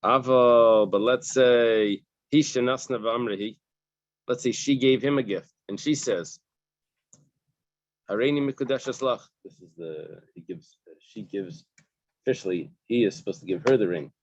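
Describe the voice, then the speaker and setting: A man with a lowish voice leads a relaxed study-group class, walking his listeners through the text one phrase at a time and restating each line in plain English. The sound is dry and a bit dull, as if from a lo-fi recording. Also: moderate pace, no echo. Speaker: Talmud teacher.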